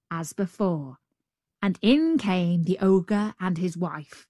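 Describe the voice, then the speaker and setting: A woman reads a fairy tale aloud at an unhurried, slow pace, stretching and shaping her phrases expressively. Her voice sounds close and dry, with no room around it. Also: on the low side, dry recording. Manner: expressive, drawn-out storytelling. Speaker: storyteller.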